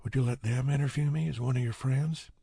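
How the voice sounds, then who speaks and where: Male narrator doing a quick-witted, self-mocking young woman, teasing, in an audiobook. Raised pitch, husky. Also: mellow, no echo. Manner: teasing, needling questions.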